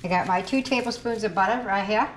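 With a quick pace and medium pitch, a cooking host chats while making food in her kitchen, often correcting herself. Food sizzles and fries, and there's a bit of hiss or hum.

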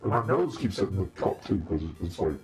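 Deep-voiced joking man. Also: animated, fairly quick, a little mellow, faint music behind. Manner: playful, joking, laughs often, mock-preachy. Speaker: costumed demon-character livestreamer. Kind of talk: casual live-stream chat with viewers.

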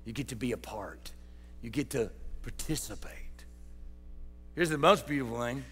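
A pastor preaching a sermon in a folksy way, calling out to the congregation. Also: male voice, medium pitch, lively intonation, normal speed, a bit bright, breathy edge, faint music behind. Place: large church sanctuary. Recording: church hall reverb.

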